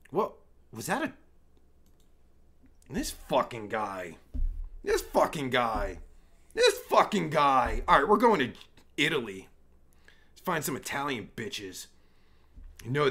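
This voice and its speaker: A man's voice: fairly high pitch, a bit bright. A male livestream host giving crude, profane, rambling commentary while chatting with strangers online.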